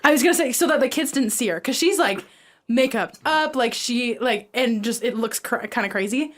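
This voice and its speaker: A woman's voice: fairly high pitch, animated, moderate pace. A young woman co-hosting a podcast, telling a rambling story full of "like" fillers in a casual chat. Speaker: podcast co-host.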